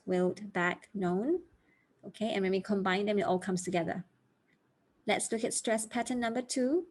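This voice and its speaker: A woman teaching an online English pronunciation lesson, enunciating words slowly and carefully so viewers can repeat them. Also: a little high, a little mellow. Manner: slow, careful enunciation, modeling words for repetition.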